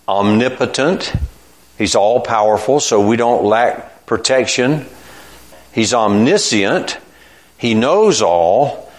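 An older man preaching an informal sermon, slow and reflective, often restarting his phrases. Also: lowish voice.

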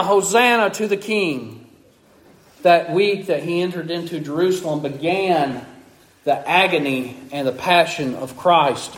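Male pastor, sermon delivery, very slow with heavy pauses, echoey church room. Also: on the high side. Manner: slow, emphatic preaching with long pauses and hushed drops. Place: church sanctuary.

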